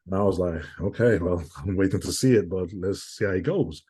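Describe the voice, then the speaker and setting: Low, husky man telling his story. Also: brisk, few pauses, warm tone. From United Kingdom. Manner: earnest, repeats phrases, acts out quoted speech. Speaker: guest, professional bodybuilder. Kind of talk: casual interview storytelling.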